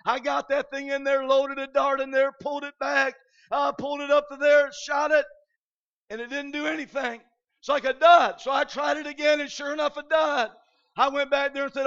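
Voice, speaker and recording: A man from Michigan preaching an impassioned revival sermon, often shouting and filling pauses with "uh". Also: very high-pitched, flat delivery, vocal fry. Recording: dull lo-fi recording.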